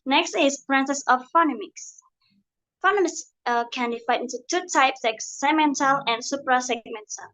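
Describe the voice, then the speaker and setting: A young woman from Indonesia giving a class presentation, explaining carefully and a little haltingly from her notes. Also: sits high, fairly bright tone, highs cut off. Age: young adult. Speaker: student presenter.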